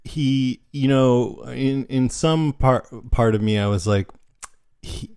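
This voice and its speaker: A man's voice: mid-range voice, slow pace, dark tone, clear, resonant tone, dry recording, studio quality. A man co-hosting a podcast, musing in a casual fan discussion, with frequent restarts and chuckles. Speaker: podcast co-host.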